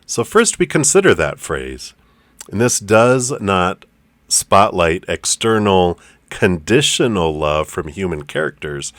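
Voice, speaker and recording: A man leading a guided meditation, speaking in a calm, gentle, unhurried way with loose fillers. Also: low-pitched, no echo. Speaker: spiritual teacher.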